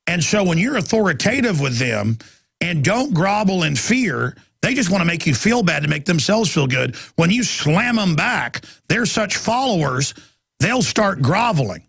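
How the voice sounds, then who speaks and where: Gravelly ranting talk radio man. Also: high voice, very animated, normal speed, no room sound. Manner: ranting, forceful, acts out encounters in put-on voices. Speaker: radio talk show host. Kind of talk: heated talk radio monologue.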